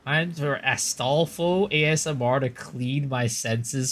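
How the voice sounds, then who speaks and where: A man's voice: mid-range voice, slow, fairly bright tone. A man live-streaming a game, rambling casually to his chat with lots of profanity and filler words. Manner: chats to viewers in the stream chat.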